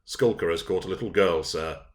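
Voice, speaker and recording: A man's voice: low voice, normal speed, a little mellow, lightly acted. A man voicing a surly, accusing manservant. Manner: rough, accusing. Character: gruff surly manservant with a lantern.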